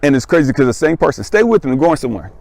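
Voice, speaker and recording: A man telling a personal story as a motivational speaker, casual and animated, laughing and checking in with the listener, his voice jumping high when he gets emphatic. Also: racing, creaky, dry recording. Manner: voice jumps much higher and louder when he is emphatic. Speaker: motivational speaker and life coach.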